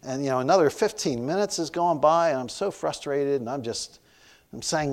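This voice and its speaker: A man's voice: a little high, moderate pace. A man in his sixties preaching, telling a funny story about himself and often laughing as he goes. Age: 60s. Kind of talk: storytelling sermon.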